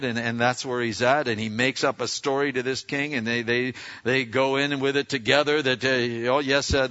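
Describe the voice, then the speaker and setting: Man preaching, folksy sermon, bright ringing tone, muffled lo-fi recording, loud and soft by turns. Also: medium pitch. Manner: folksy, swings between loud and quiet, acts out quotes. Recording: dull lo-fi sound.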